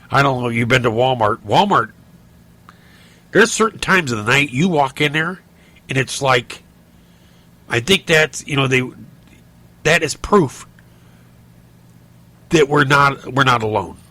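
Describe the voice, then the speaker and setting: Pausing often and speaking a little slowly, this middle-aged podcast host sounds pushed and bright in a mid-range voice. His casual monologue wanders through stories and rants, packed with restarts and filler words.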